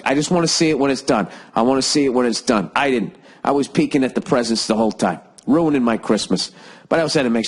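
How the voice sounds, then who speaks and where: A man's voice: medium pitch, breathy edge. A man hosting a solo podcast, rambling and sarcastic, swearing constantly, with a lingering cough. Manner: profane, sarcastic, riffing. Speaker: podcast host.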